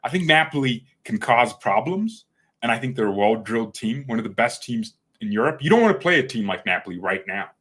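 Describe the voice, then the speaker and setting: A man's voice: medium pitch, big pitch swings, a little fast, a bit bright, slightly rough. A man delivers a casual football opinion rant as the host of a fan channel. He is blunt and opinionated, with a trash-talking edge, and he stammers over repeated words when he gets worked up.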